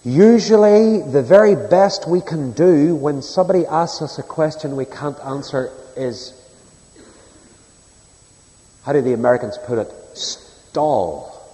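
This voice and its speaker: A man preaching a sermon, telling stories earnestly, swinging between loud emphasis and a soft hush. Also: medium pitch. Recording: long hall reverb.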